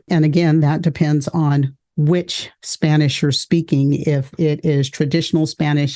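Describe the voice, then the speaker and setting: Mellow-voiced woman giving a lecture. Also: sits low. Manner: measured, explaining with examples. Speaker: educator and podcast host. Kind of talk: explanatory lecture.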